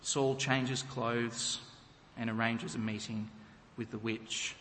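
A man's voice: mid-range voice, little pitch movement, slow, a bit bright, in a large hall, a little hiss or hum. A man preaching a sermon, emphatic and full of rhetorical questions to the congregation.

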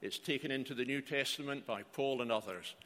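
A man's voice: medium pitch, brisk, a bit bright. An older man preaching a sermon, earnest, with rhetorical questions and frequent hesitant fillers. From outside Australia. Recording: reverberant hall.

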